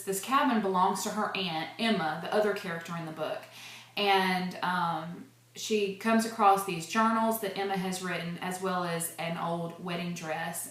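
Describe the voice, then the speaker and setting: Earnest, low-pitched woman book reviewer, halting and heartfelt, recorded in a very echoey room. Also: fairly bright tone. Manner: earnest, gushing, many fillers and restarts.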